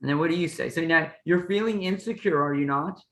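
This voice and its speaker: A man's voice: fairly high pitch, brisk, fairly bright tone, roomy sound, low-quality recording. A man who teaches law, explaining contract rules in a plain-spoken way with playful hypotheticals. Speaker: law professor and podcast host. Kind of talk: explanatory lecture chat.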